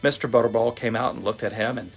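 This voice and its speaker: A man telling a motivational story in a vivid, animated storytelling manner. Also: mid-range voice, fast, breathy edge. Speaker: motivational speaker. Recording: faint guitar music behind. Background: soft guitar music.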